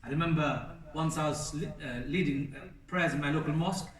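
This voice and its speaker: Male preacher, slightly high voice, earnest and emphatic, miked from a distance in an echoey mosque hall. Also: brisk. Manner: earnest, emphatic lists, sprinkled Arabic phrases. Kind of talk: sermon.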